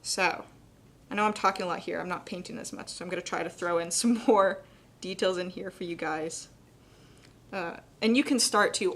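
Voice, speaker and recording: A young adult woman giving a live painting demonstration, talking quickly and chattily and laughing often. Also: on the low side, a bit bright, slight background noise. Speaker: painting instructor.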